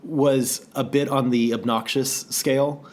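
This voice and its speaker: A man co-hosting a podcast, telling a story in a casual, animated way, laughing often and acting out what others said. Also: mid-range voice, a little slow. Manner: animated, laughing, acts out quoted voices. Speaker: podcast co-host.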